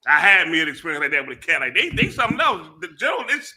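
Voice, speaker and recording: A man with a very bright, high voice tells a story on a live stream, swinging his pitch widely. He laughs as he goes and acts out the people he quotes loudly. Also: big pitch swings, rapid-fire. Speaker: panel guest.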